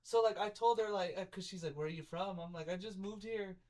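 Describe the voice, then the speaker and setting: A man's voice: high voice, fairly quick, darkish tone. A young man telling a rambling story on a casual chat podcast. He leans on filler words, acts out other people's lines and laughs often as he goes.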